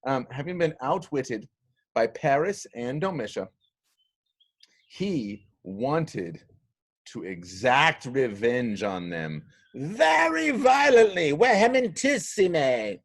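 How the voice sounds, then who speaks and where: Animated, playful man teaching Latin. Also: mid-range voice, takes it slowly. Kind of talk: recorded class lesson.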